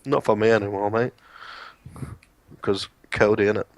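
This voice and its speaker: An eighteen-year-old man from the north of England speaks with a lowish voice. He talks in a sweary, joking ranting way on a casual chat podcast, recorded dry and close. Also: steady tone, normal speed, no room sound. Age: young adult. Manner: sweary, jokey, rants. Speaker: podcast co-host.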